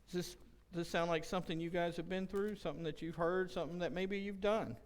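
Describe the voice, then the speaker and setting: Impassioned high-voiced pastor in a hall. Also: male voice, fairly even intonation, quick pace. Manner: impassioned preaching, rising loud when quoting. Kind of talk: sermon. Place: church sanctuary. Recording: long church hall reverb.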